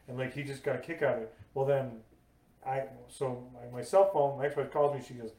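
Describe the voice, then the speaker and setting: A man's voice: mid-range voice, brisk. A man hosting a casual interview, telling stories and acting out the voices of people in them. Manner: animated, acts out voices in his stories. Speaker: podcast host. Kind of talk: casual storytelling chat. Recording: echoey room, mic at a distance.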